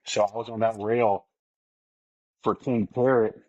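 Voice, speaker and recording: A man on a podcast, casually telling an excited story with plenty of swearing and quoted lines of his own. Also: lowish voice, measured pace, dry recording, muffled recording. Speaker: podcast co-host.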